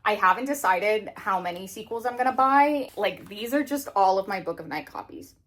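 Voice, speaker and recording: A woman's voice: mid-range voice, lively intonation, normal speed, a bit bright. A woman in her thirties chatting casually to camera at home while rearranging bookshelves, giggly and out of breath, with lots of fillers. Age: 30s. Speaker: book vlogger.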